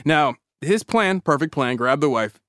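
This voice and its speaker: A man co-hosting a podcast, telling a story in a casual, joking, animated way. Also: on the high side, measured pace, no echo, clean studio sound. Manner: animated, joking, laughing often.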